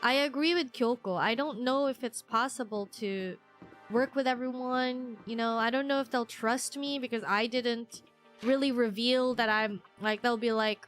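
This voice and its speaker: A woman streaming a game live, chatting excitedly and reading the game's dialogue aloud. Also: on the high side, moderate pace, faint music behind. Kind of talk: live gameplay commentary.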